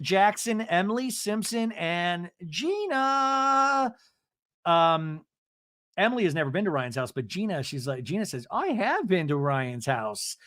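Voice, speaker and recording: A man's voice: on the high side, fairly bright tone, dry recording, studio quality. A man hosting a podcast, chatting casually through a recap with playful asides. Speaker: podcast host.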